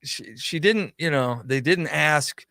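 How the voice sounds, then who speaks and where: A man's voice: a little high, slow pace, no echo, studio quality. Storytelling man on talk radio. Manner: animated anecdote teller, acts out quotes. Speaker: guest, pop culture shop owner. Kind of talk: casual radio conversation, storytelling.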